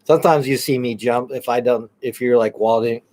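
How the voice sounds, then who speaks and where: A man's voice: medium pitch, fairly even intonation, brisk, a little mellow. A man with a mid-range voice chats loosely on a paranormal livestream. He rambles, laughs often and swears casually. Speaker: paranormal show co-host. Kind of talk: casual live-stream chat.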